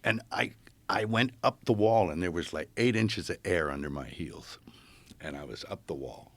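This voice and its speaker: Gravelly low-voiced man telling stories. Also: moderate pace, dry recording. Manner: animated storyteller, acts out quoted voices. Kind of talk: casual storytelling chat.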